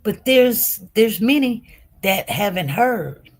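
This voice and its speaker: An online show host, a woman, shares a personal testimony with viewers in an intense way, lurching between loud outbursts and hushed murmurs. Her mid-range voice is expressive and slow, and she keeps repeating herself and restarting.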